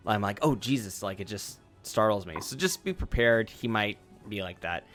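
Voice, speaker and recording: A man's voice: on the low side, animated, normal speed, fairly bright tone, soft background music. A man as a rambling young vampire hunter. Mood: chatty. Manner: rambling, full of "like" and restarts. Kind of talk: tabletop game role-play.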